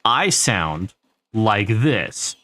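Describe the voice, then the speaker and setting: A man's voice: fairly low pitch, big pitch swings, extremely slow, bright, forceful tone. A man live streaming a game, telling a rambling, profane story to his chat. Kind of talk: casual storytelling while gaming.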